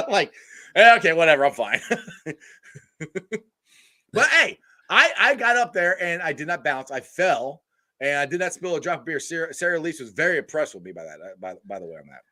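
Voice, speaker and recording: A man's voice: fairly high pitch, sing-song, normal speed, sharp tone. A middle-aged man, co-hosting a casual sports podcast, rambling with lots of laughter and restarts. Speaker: podcast co-host.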